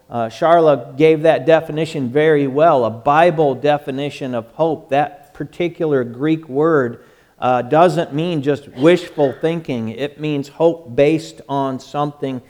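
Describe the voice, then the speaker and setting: A man's voice: a little high, a little mellow. A male pastor giving a folksy, conversational sermon, joking and often restarting his sentences.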